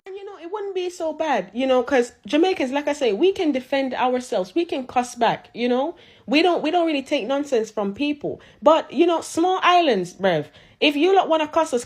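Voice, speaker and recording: Woman roasting folks on camera, slangy and mocking, voice a bit high. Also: darkish tone. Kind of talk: ranting to camera.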